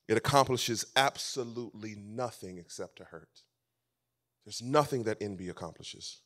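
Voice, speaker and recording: At a church camp meeting, a man with a fairly low-pitched voice preaches a sermon. He repeats key phrases and moves between loud emphasis and quiet near-whispers.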